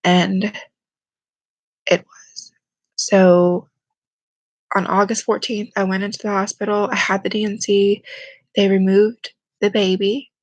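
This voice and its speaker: A young woman speaks quietly and haltingly, holding back tears as she tells a personal story to camera. Her voice stays flat and level, with little rise or fall. The sound is dry and close, with no room echo. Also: mid-range voice. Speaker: vlogger.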